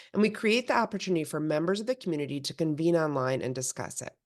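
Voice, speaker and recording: Low-voiced woman giving a presentation. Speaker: presenter of an advocacy group. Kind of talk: prepared presentation.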